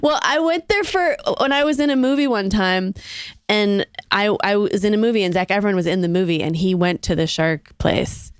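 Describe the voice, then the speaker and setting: A woman's voice: mid-range voice, moderate pace, smooth, no room sound, clean studio sound. A woman guest on a podcast, telling enthusiastic, rambling anecdotes in casual chat.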